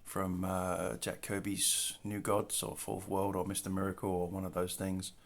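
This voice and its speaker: A middle-aged man casually showing his artwork on camera, talking in a relaxed, rambling way with self-deprecating asides. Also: low-pitched, moderate pace. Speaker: artist showing his work. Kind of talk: casual show-and-tell narration. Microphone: camera mic, handling artwork.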